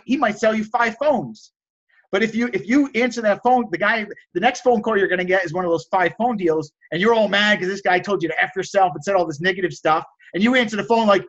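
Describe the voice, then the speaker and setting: A man coaching resellers in a casual motivational talk, energetic and repeating key phrases for emphasis. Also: sits high, fairly quick, dull audio.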